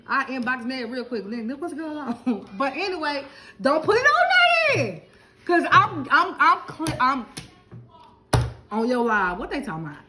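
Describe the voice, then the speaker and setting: There's heavy background noise as a middle-aged woman from Lubbock, Texas, with a voice that sits high and a normal speed, chats casually on a live stream. She's animated, laughs a lot, and talks directly to her viewers.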